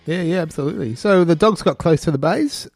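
A man's voice: a little high, expressive, brisk, creaky, a little mellow, slightly rough, no echo, faint music behind. A middle-aged man with an Australian accent hosting casual radio chat in a laid-back, chuckling way. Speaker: radio host. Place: radio studio.

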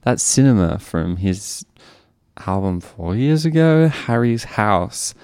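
An Australian radio DJ, a man whose voice sits on the low side, rambles happily between songs. His chat is loose and enthusiastic, full of little asides. The studio mic sounds close and dry, with no room sound. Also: sing-song, slow pace, a little mellow, smooth, no echo. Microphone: studio microphone.

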